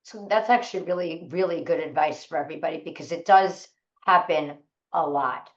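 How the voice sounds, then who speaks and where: A woman hosting an interview, asking questions in a halting, casual way. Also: low-pitched. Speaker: podcast host. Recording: dull lo-fi audio.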